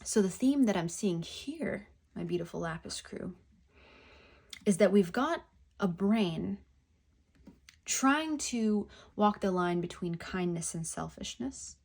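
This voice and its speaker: A woman giving a pick-a-card tarot reading, talking in a gentle, effusive, spiritual way. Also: mid-range voice.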